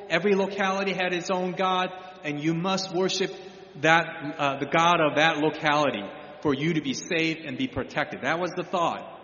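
A man preaching a teaching sermon as a pastor, explaining slowly and often restarting his phrases. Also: on the high side, fairly bright tone. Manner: explanatory, halting with repeated restarts. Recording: echoey hall, dull lo-fi sound.

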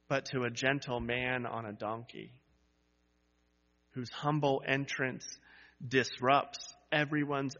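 A man pastor delivers a sermon in a church sanctuary, speaking slowly with a bright, forceful edge. He builds to emphatic repeated cries, then eases into chatty asides to the congregation. The sound is slightly muffled and carries a long reverb from the hall. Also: mid-range voice.

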